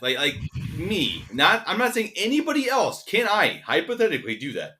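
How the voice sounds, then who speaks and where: A man's voice: sits high, wildly swooping pitch, normal speed, sharp tone, a little hiss or hum. A man co-hosting a podcast in casual chat, emphatic and ranting, often repeating words as he gets worked up. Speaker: podcast co-host.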